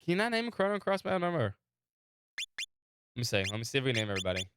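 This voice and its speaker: Streaming a game live, a man still recovering from an illness and nursing a sore throat reads out the story text and chats casually, laughing often and addressing chat between passages. His medium-pitched voice races along in a sing-song way. Background noise is present.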